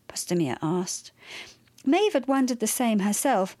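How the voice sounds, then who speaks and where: A woman reads a story aloud with lively expression. Her voice sits on the high side and the sound is close and dry, with no room around it. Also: a little slow, no room sound. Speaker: narrator. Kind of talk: storybook narration.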